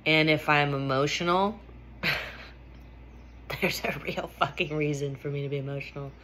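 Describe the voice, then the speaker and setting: A woman's voice: deep voice, steady tone, a little slow, a bit bright, slight background noise. A woman vlogger telling a personal story in a candid, emphatic way, swearing freely.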